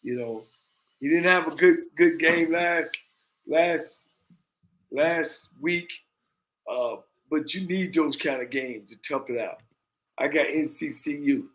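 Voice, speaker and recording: A man co-hosting a casual football picks chat, animated and repeating words as he talks. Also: fairly high pitch, slow, pauses often.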